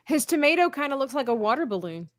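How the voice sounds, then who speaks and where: A woman hosting a casual live art stream, chatty and quick to laugh, acting out her own thoughts as she talks. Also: high-pitched, big pitch swings, over a noisy crowd. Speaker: stream host.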